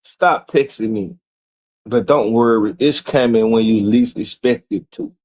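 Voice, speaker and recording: A man hosting a live streamed commentary show in a middle-range voice. He talks in a crude, mocking way, full of cursing and loud disbelief. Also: medium pitch, a little slow. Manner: profane, mocking, loudly incredulous. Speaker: show host. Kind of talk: streamed commentary reading out messages.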